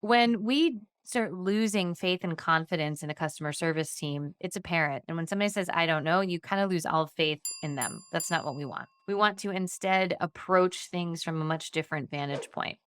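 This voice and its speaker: Upbeat low-voiced woman trainer. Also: moderate pace, few pauses, clear, resonant tone. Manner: upbeat and chatty, briefly acts out customer-service lines. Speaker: insurance agency trainer and podcast host. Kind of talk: podcast training talk.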